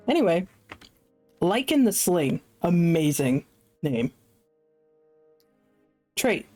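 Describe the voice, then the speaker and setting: A woman's voice: fairly low pitch, dark tone. A woman streaming a solo tabletop game, chatting casually and thinking aloud with lots of fillers. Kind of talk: casual live-stream chat.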